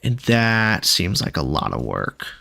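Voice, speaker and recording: A man's voice: sits low, wildly swooping pitch, unhurried, vocal fry, bright, forceful tone. A man casually commenting on his own gameplay as he plays, thinking aloud and reacting with sudden exclamations. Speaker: gaming video creator.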